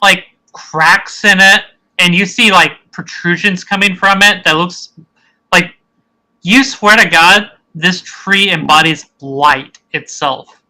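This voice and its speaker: A man's voice: high-pitched, slow pace, pushed and bright, poor audio. A man narrating a tabletop game as game master, rambling and searching for words as he describes scenes.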